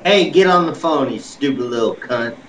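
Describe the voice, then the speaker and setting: A man's voice: mid-range voice, lively intonation, normal speed, fairly bright tone, a little hiss or hum, lightly acted, low-quality recording. A man putting on a belligerent drunken uncle. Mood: abusive. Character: loud drunken male uncle, belligerent bully.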